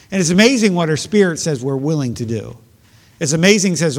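A man delivers a sermon, moving between slow readings of old scripture and plain explanation. He speaks earnestly, repeating words as he builds each point. His voice sits a little high and carries a long hall reverb. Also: lively intonation, vocal fry. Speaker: preacher.

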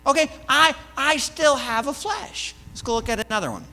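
A man preaching a sermon in a church, his voice pitched very high and edged with a piercing brightness. He tells stories in a chatty way, dropping to near-murmurs and then rising to loud, emphatic lines. The recording carries a long hall reverb under a steady electrical hum. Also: moderate pace. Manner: storytelling, swings between hushed and loud emphatic delivery. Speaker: pastor. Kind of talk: conversational sermon.

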